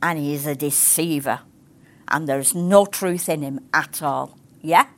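A woman's voice: low-pitched, a little slow. An older woman, teaching a sermon in a chatty way and acting out the voices she quotes. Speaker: ministry teacher.

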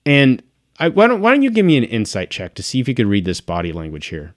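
A man running a tabletop game as game master, describing scenes and dropping to a hush at dramatic beats. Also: medium pitch, wildly swooping pitch, fast, no echo, studio quality.

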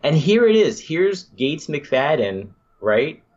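A man's voice: on the high side, big pitch swings, slow pace, a little mellow, highs cut off. A man hosting a podcast, chatting casually and enthusiastically with some rambling restarts. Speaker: podcast host.

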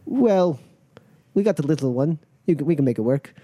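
A man's voice: on the high side, animated, normal speed, warm tone, no room sound. A man putting on a brusque outrider captain woman. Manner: curt, commanding.

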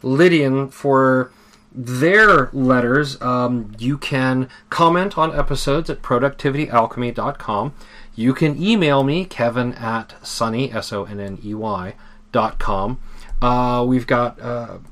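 A man's voice: mid-range voice, measured pace, a bit bright. Man hosting a rambling podcast chat. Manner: rambling, many fillers and restarts. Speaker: podcast host. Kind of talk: casual chat.

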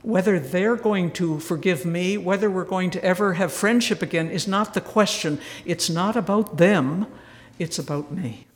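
An older religious sister leading a spoken retreat talk in a large church, telling stories with earnest warmth and wry humor. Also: female voice, fairly low pitch, normal speed, few pauses, big-room sound.

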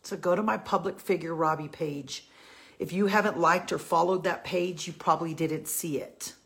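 Her lowish voice is gravelly, with fairly even intonation and a moderate pace. As a Christian women's encourager, she addresses her female followers with a sincere, pleading faith talk, restating her central lines to stress them.

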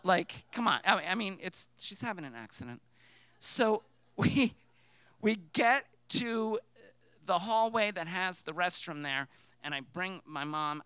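A man telling a personal story to a live theater audience, animated and excitable, jumping between loud outbursts and hushed asides. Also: high voice, smooth, no echo.

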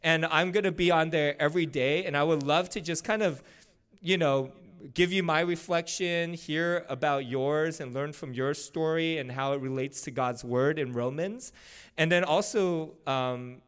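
A man preaches to his congregation in a relaxed, conversational way, often slipping in casual fillers. His voice sits a little high for a man and comes across smooth and clear. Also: normal speed. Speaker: pastor. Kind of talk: sermon. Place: church service.

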